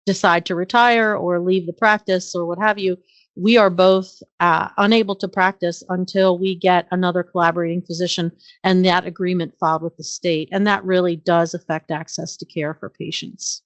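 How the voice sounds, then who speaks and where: A middle-aged woman speaks as a guest, recounting her years in practice with plenty of ums and uhs. Her voice sits on the lower side for a woman. The recording is close and dry, with no room reverb. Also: fairly even intonation, moderate pace, highs cut off. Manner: anecdotal, earnest, with frequent um and uh fillers. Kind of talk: conversational storytelling interview.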